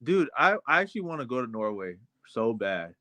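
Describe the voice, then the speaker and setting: A young man in casual chat, loose and excitable, swearing freely. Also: mid-range voice, a little fast, dry recording.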